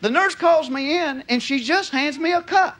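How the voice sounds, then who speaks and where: A man's voice: very high-pitched, moderate pace, a bit bright. A man with a Southern American accent doing a stand-up comedy routine, telling drawling stories on a stage before a live audience. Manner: drawling storyteller, slips into character voices. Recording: live show with audience noise.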